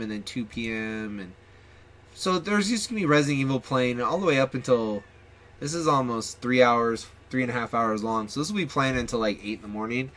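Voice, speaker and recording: Rambling gaming host with a bright voice. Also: male voice, medium pitch. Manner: loose and rambling, with ums and restarts. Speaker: channel host. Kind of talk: casual gaming channel chat.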